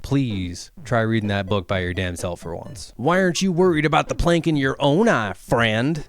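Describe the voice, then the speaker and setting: A man's voice: mid-range voice, expressive, normal speed, hardly any pauses, soft background music. A man giving a sarcastic, profane comedic rant, arguing back and forth with imagined hecklers and building to heated indignation. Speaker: political comedy essayist.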